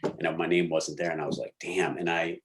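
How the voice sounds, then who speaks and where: A young adult man, an actor guest, telling lively stories in a casual interview and acting out what people said. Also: sits low, fairly quick, a little hiss or hum. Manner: animated storyteller, slangy, acts out quotes.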